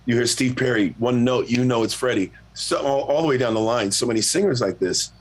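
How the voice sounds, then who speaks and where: A middle-aged man, a guest singer, telling a long story in a relaxed, profane, self-mocking way. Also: medium pitch, brisk. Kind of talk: casual storytelling.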